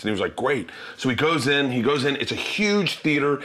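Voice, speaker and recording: Male host-comic, laughing storyteller, bright and forward in tone. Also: medium pitch, animated, brisk. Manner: loose, laughing storyteller who acts out the people in his stories. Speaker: host and comedian. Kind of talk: casual chat, storytelling.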